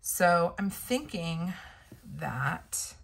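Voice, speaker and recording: A woman's voice: fairly low pitch, very animated, drawn-out words, vocal fry, breathy edge, poor audio. A woman chatting casually to viewers while doing a planner crafting tutorial, thinking aloud as she works. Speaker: planner and sticker vlogger.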